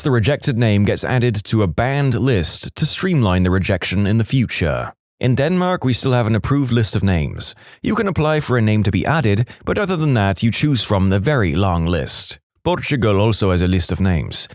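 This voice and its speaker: A man reads forum posts aloud in a steady, scripted narration, taking every post in his own voice. His voice sits fairly low but swings up and down with lively pitch. The sound is dry and close, with almost no room around it. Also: no echo.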